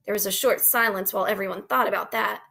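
A woman teacher reading a children's chapter book aloud to her class in a gentle, expressive way. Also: medium pitch, quick pace, creaky.

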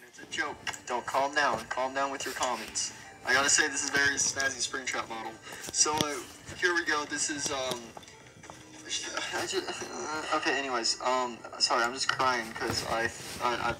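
A man's voice: mid-range voice, poor audio. A young man hosting a casual gaming video, rambling and joking with lots of fillers. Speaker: gaming YouTuber. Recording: background music.

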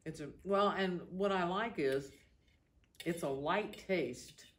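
A woman's voice: fairly low pitch, slow pace. A woman co-hosting a church cooking show, chatting casually and humming while she tastes with her mouth full. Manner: relaxed, savoring, hums with her mouth full. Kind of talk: casual chat while tasting food.

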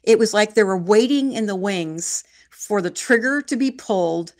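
A woman in her sixties from Northern California, an interview guest talking in an emphatic, wry way and repeating phrases for stress. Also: fairly low pitch. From Shasta County, California. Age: 60s. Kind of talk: conversational interview.

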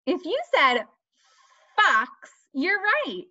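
Woman, children's lesson, very lively pitch, slow emphatic questions, lo-fi dry sound. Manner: slow, sing-song questioning with emphatic repeated words. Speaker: children's speech and language teacher. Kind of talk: teaching young children a lesson. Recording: dull lo-fi dry recording.

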